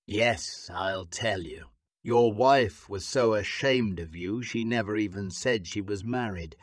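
A man's voice: on the low side, takes it slowly, no room sound, studio quality. A man reading an audiobook, voicing a bitter, furious middle-aged woman nurse who accuses and scolds. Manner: accusing, scornful, raising her voice.

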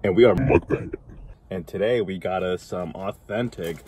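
A man's voice: deep voice, normal speed, crowd noise. A man co-hosting a food channel, chatting casually and mumbling while he eats in a parked car. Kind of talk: casual mukbang chat while eating.

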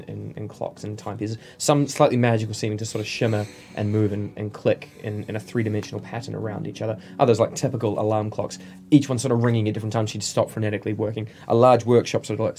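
A man's voice: lowish voice, gravelly, a little mellow. A man narrating as game master of a tabletop game, with rambling descriptions full of fillers and restarts.

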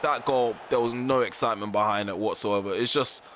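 A man's voice: lowish voice, fairly quick, fairly bright tone, a little hiss or hum. A man commentating live over his football video game, ranting in frustration and repeating himself in slangy phrases. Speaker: gaming YouTuber.

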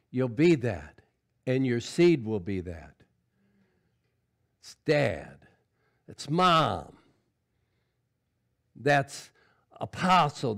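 Folksy preaching pastor, middle-aged man. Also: on the high side. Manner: folksy preaching with frequent "Amen?" call-outs; swings from loud exclamations to quiet, intimate asides. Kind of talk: sermon.

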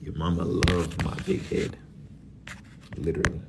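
A young man, vlogging casually, energetic and profane, often dropping to whispers. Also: deep voice, measured pace, background noise. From Florida. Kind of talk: casual vlog talk.

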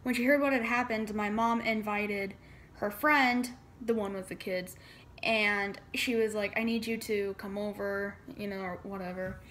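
A teenage girl in high school chatting casually to camera, retelling a story with lots of "like" and acted-out quotes. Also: fairly even intonation, unhurried, fairly bright tone, a little hiss or hum. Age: teens. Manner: chatty, says "like" a lot, dramatic retelling. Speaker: vlogger.

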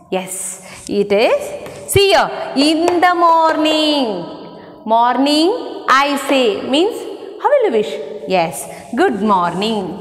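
High, lively woman teaching children. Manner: spells words out letter by letter, asks and answers questions. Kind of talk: classroom lesson for young children. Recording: echoey room with long reverb.

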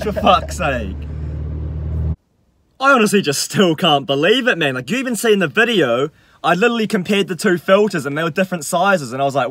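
A man's voice: sits high, animated, a little fast, fairly bright tone, husky. Exasperated young man ranting with heavy swearing. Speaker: vlogger. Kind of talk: casual vlog talk.

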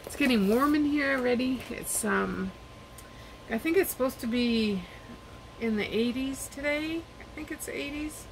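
A woman's voice: high-pitched, normal speed, a little hiss or hum, low-quality recording. A woman chatting casually at home as she unboxes and reviews craft kits, rambling and trailing off mid-sentence.

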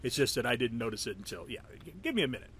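A man giving live, joking commentary over a friend's tank battle, reacting loudly to hits and misses and teasing the player. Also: medium pitch, sing-song, racing, breathy edge. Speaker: gameplay commentator.

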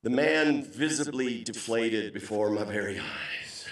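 A middle-aged man tells funny stories as a keynote speaker, his pitch swinging widely and his tone bright and forceful. He talks in a punchy, joking way. He sounds distant from the mic, and his voice rings around a large, very reverberant hall. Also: fairly quick. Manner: punchy, joking, animated delivery with sudden loud outbursts. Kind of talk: comedic storytelling speech.

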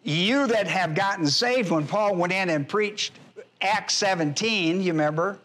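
A man's voice: high voice, measured pace, a bit bright. A man pastor giving an expository Bible lesson, emphatic and repetitive, spelling out Greek words as he teaches.

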